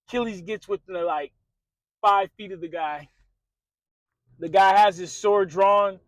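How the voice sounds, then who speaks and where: High-voiced man retelling a movie scene. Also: no room sound, low-quality recording. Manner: animated storyteller, acts out quotes, many fillers. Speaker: motivational video host. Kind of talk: casual retelling of a film scene.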